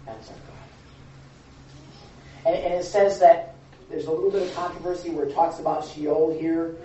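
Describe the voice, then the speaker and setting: A man's voice: a little high, flat delivery, normal speed, warm tone, a little hiss or hum. Man preaching from far off in an echoey room. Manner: conversational, dramatic storytelling, checks in with listeners. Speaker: preacher, Bible teacher. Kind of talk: informal sermon, storytelling. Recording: echoey, distant, dull room recording.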